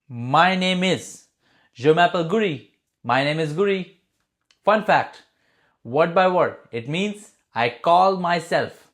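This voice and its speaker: Slow, lively-voiced male French teacher. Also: high voice. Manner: slow, encouraging, repeats phrases for learners. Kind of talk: beginner language lesson.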